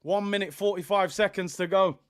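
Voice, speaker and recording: A young man hosting a live football watch-along, talking in casual slang and shouting excitedly at chances. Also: high-pitched, fairly quick, clean tone.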